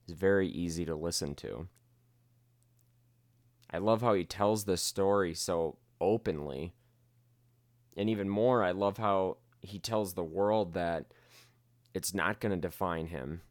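A man's voice: low voice, unhurried, long pauses, no room sound, studio quality. A man giving earnest, admiring commentary as he introduces a clip. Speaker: video commentator. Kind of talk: casual commentary.

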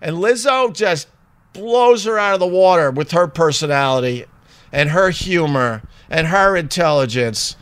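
A man's voice: a little high, lively intonation, measured pace, fairly bright tone, smooth. A man in a rambling, chatty commentary full of fillers. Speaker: vlogger. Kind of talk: casual commentary.

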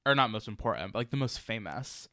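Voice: medium pitch, expressive, fast, fairly bright tone, no echo, studio quality. A podcast co-host chatting casually, rambling and searching for the right words. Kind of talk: casual chat.

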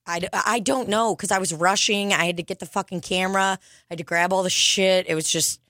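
A young woman with a fairly low voice and a loose, rambling way of talking. She swears freely and teases her co-host in casual chat. The sound is dry and close. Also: fairly even intonation, brisk, a bit bright, no echo. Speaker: podcast co-host.

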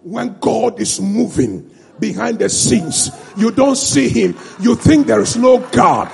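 A man's voice: high voice, expressive, slow pace, gravelly, a little hiss or hum. A male pastor preaching with fervor, in rhythmic repeated lines and calls to the congregation. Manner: fervent, rhythmic call-and-response preaching. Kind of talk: sermon.

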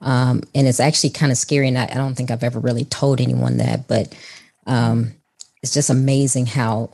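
A woman's voice: extremely low pitch, little pitch movement, moderate pace, gravelly, darkish tone. A woman hosting an interview, responding in an encouraging, reflective way with frequent restarts. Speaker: interview host. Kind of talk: conversational interview.

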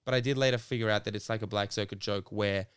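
A man's voice: lowish voice, fast talker, clear, resonant tone, no echo, clean studio sound. A man hosting a podcast over a video call, chatting casually, swearing and laughing a lot. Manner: profane, animated, laughing often. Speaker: podcast co-host. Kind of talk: casual chat, joke telling.

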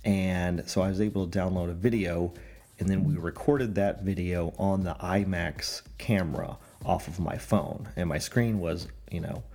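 A man's voice: deep voice, steady tone, moderate pace, darkish tone. A man hosting a podcast, rambling in a joking, teasing way with lots of fillers. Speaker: podcast host. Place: Pacific Northwest, rural mountains.

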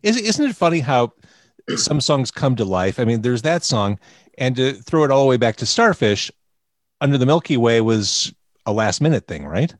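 A man's voice: mid-range voice, sing-song, normal speed, no room sound, clean studio sound. Hesitant male interviewer. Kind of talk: casual interview questions.

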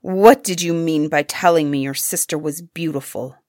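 A woman's voice: sits low, normal speed, darkish tone, no echo, studio quality, pitched below the performer's own voice, close to an everyday voice. A woman voicing an angry young prince who speaks sternly and accusingly.

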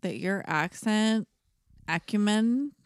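A woman's voice: medium pitch, takes it slowly, no echo. A young woman from California co-hosting a podcast, playful and teasing in casual chat, often giggling. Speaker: podcast co-host.

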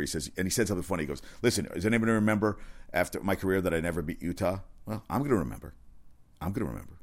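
A man giving a casual, rambling sports rant, excitable and profane, often correcting himself. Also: fairly low pitch. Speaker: sports commentator.

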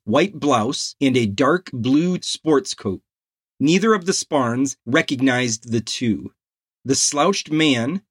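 A man reading a crime novel aloud as narrator, in a slow and measured way. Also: a little high, husky, dry recording, clean studio sound. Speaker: audiobook narrator.

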